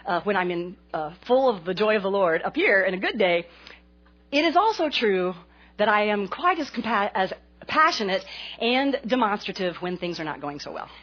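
A woman in her forties preaching a sermon to a congregation, an animated and self-mocking storyteller. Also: mid-range voice, normal speed, husky, lo-fi sound. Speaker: pastor's wife speaking to a congregation.

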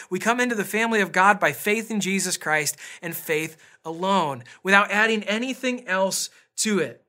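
Bright-voiced man giving a chatty sermon. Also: high voice. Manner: chatty and self-deprecating, with storytelling asides. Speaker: pastor. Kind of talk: casual conversational sermon.

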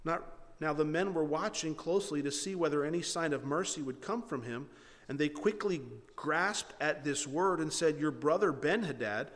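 A pastor preaches a sermon, reading scripture and then retelling it animatedly by acting out the characters' lines in his own words. His voice is on the high side at a moderate pace, with a long reverb tail.

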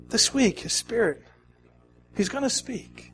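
High-voiced preaching man. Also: lively intonation, normal speed. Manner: swings from hushed to loud and emphatic. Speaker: pastor. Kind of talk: sermon.

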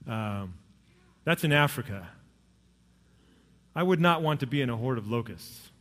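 Male pastor, mid-pitched, storytelling sermon delivery, reverberant sanctuary sound. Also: a little slow. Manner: storytelling, lively pitch swings and emphatic rises.

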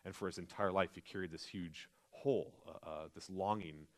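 A man's voice: deep voice, steady tone, normal speed. A man, a pastor, preaching a sermon in an earnest, confessional storytelling manner.

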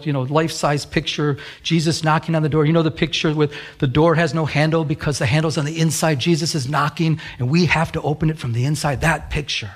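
A man preaching a sermon with a somewhat high voice. He tells a personal story earnestly, often restarting his sentences as he goes. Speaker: pastor.

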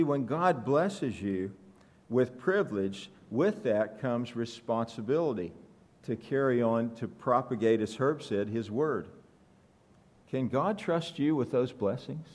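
Man preaching a conversational sermon. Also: mid-range voice. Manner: conversational, asks the congregation questions, joking asides.

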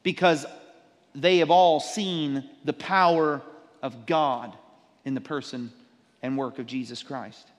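Animated male preacher in a reverberant hall. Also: medium pitch, slow pace. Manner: animated preaching, acts out disciples' sarcasm. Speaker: pastor. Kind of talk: sermon.

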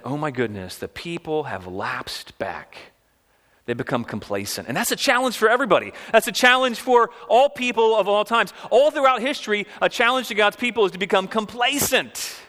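A man's voice: mid-range voice, fairly bright tone, big-room sound. A man preaching a sermon in a conversational way, asking the listeners one rhetorical question after another. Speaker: pastor.

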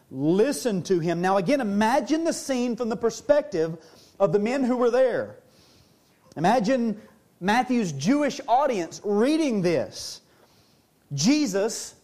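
High-voiced man preaching a sermon. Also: a little mellow. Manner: earnest preaching, slows and drops low for emphasis. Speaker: pastor.

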